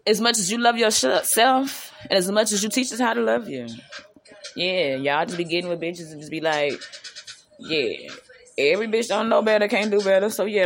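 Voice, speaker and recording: A woman's voice: fairly low pitch, fairly bright tone. Blunt profane woman ranting. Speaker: host. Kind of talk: casual rant to camera.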